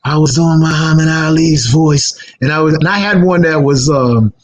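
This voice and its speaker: A man telling stories in a relaxed chat, with a slightly high voice. He is animated and drops into acted quotes. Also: normal speed, rough recording. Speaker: radio guest. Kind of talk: casual storytelling.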